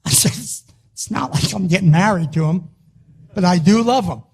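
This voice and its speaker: An older man with a notably high-pitched voice gives a motivational talk to an audience at a moderate pace, with some vocal fry. He's emphatic, repeating his key phrases and now and then rising to a shout on the important lines.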